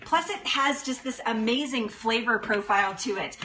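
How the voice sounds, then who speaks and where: A woman's voice: on the high side, normal speed, bright, forceful tone, a little hiss or hum. A woman hosting a live cooking demonstration in her kitchen, chatty and bubbly, often laughing as she talks to her viewers. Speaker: cooking show host. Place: kitchen at the stove. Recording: sizzling frying pan in background.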